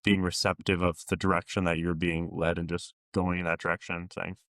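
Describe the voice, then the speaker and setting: A man's voice: low voice, little pitch movement, a little fast, fairly bright tone, dry recording, clean studio sound. A man hosting an interview podcast who reflects thoughtfully on what his guest says, speeding up as he builds a point. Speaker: podcast host. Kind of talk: casual interview conversation.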